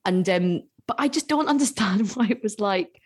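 A woman's voice: medium pitch, lively intonation, moderate pace, darkish tone, husky. A Scottish woman in her forties, a guest in a casual podcast interview, telling stories with animation and frequent laughter. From Scotland.

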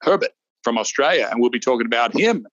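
A man's voice: mid-range voice, fast talker, no room sound. Rambling male golf co-host, dull dry sound. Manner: animated, rambling with restarts. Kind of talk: casual golf preview chat.

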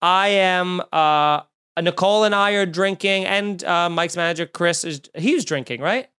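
A man with a high-pitched voice tells a rambling travel story on a podcast. He talks casually, jokes a lot and swears freely. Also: a little slow, smooth. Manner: animated, profane, jokey anecdotes.

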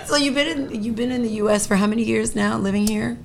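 A woman's voice: on the high side, fast, gravelly. A woman co-hosting a podcast, asking curious questions in casual chat. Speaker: podcast co-host. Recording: loud background noise.

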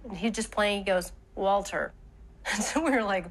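A woman's voice: mid-range voice, moderate pace, a little hiss or hum. A mother in an interview, retelling events casually and acting out what people said. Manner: animated, acts out quoted dialogue.

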